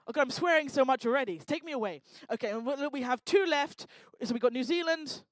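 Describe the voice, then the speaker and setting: Speaking fast in a high, expressive voice, this woman hosts a live event on a lecture hall stage, playfully ribbing the audience stand-up style. There's no room sound.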